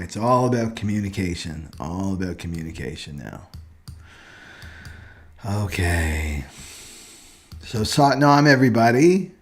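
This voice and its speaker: A man hosting a casual livestream on astrology, talking loosely and ending many points with "right?". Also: mid-range voice.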